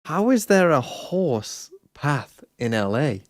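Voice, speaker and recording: A man's voice: on the high side, sing-song, slow, no echo. Wry man teasing, dry close sound. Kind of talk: casual chat.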